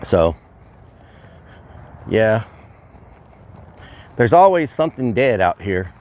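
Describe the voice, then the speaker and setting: A man livestreaming outdoors, chatting excitably to his viewers and calling them y'all. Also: on the low side, slow pace. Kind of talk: casual outdoor livestream chat. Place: outdoors at a rural property.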